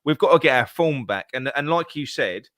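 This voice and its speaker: A man's voice: mid-range voice, animated, brisk, fairly bright tone, no echo, clean studio sound. A man talking football on a podcast, swearing often and restarting his sentences. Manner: swears a lot, stumbles and restarts, heated. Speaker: podcast co-host. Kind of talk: casual football chat.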